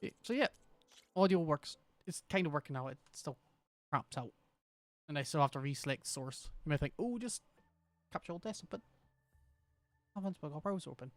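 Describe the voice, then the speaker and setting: A man's voice: a little high, a little fast, long pauses, dry recording, soft background music. A man with a Scottish accent streaming a game, rambling and thinking aloud as he troubleshoots his setup. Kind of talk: casual gameplay commentary.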